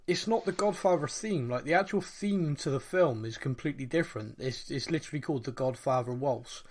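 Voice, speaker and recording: A man hosting a casual podcast chat, talking quickly and loosely, often laughing and slipping into playful impressions. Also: mid-range voice, a little mellow. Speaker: podcast host.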